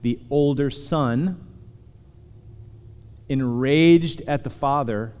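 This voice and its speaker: Guy preaching, earnest, leans on words, warm low tone, big echoey room. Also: clean tone. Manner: earnest, emphatic, slows on key words. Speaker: pastor. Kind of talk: sermon. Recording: long hall reverb.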